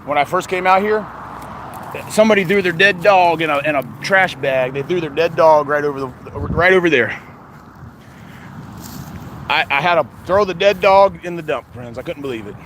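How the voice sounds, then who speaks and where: A man's voice: a little high, normal speed, fairly bright tone. A man talking earnestly and rambling to his viewers outdoors, filming himself on a phone. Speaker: vlogger. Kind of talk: casual monologue to viewers. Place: outdoors, windy cemetery grounds. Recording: noisy outdoor recording with wind.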